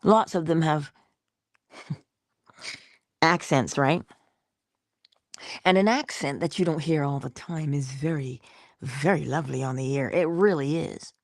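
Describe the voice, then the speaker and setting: A woman giving a casual motivational talk, expressive, dropping into whispers and laughing often. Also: low voice, slow, long pauses, dry recording, clean studio sound. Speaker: motivational vlogger.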